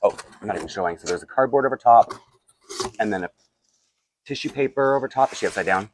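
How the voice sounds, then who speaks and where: A Canadian toy collector vlogger unboxes toys while chatting casually, rambling with asides, and he sounds tired and groggy. His medium-pitched voice is animated and fast. Background noise can be heard.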